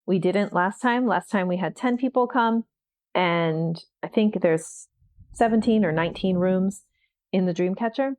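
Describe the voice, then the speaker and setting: A woman's voice: mid-range voice, unhurried, darkish tone. A woman hosting a solo podcast as a writing coach, talking casually with frequent laughs and filler words. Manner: chatty, laughs often, fillers like "like" and "you know".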